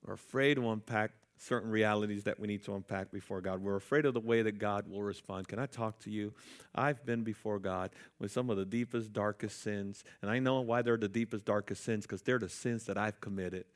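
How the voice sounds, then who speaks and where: A man's voice: lowish voice, fairly even intonation, a little fast. A pastor preaching an emphatic sermon, calling out to his listeners. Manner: emphatic, calls out to the congregation.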